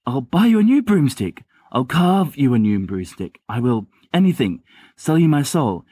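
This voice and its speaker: A man's voice: medium pitch, sing-song, moderate pace, mellow, breathy edge, no room sound, studio quality, pitched above the performer's own voice. A man voicing a flustered teenage boy who babbles and pleads in a raised voice, in an amateur audiobook reading. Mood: panicked. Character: frantic, flustered teenage boy wizard Remus.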